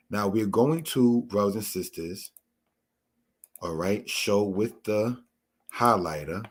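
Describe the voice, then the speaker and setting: A man teaching a Torah lesson, explaining word meanings in a measured way and addressing his listeners as brothers and sisters. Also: fairly low pitch, a little mellow, husky. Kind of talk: slow spoken Bible lesson.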